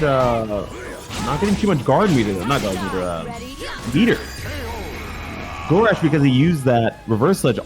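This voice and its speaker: A man doing casual, jokey esports commentary on a fighting game tournament, excitable and full of swearing. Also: medium pitch.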